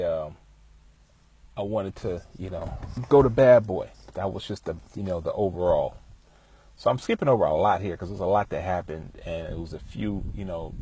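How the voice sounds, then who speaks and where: A man talking outdoors in a relaxed, rambling way, passing on music industry advice full of fillers. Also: deep voice, slightly rough. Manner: laid-back, rambling, many fillers. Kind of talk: casual storytelling monologue. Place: outdoors, with bees around.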